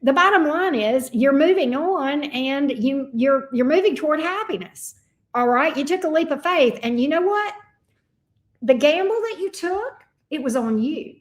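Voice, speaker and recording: A woman's voice: high-pitched, lively intonation, moderate pace. A middle-aged woman giving a casual tarot reading, blunt and profane, full of folksy sayings. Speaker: tarot reader. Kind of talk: casual astrology reading chat.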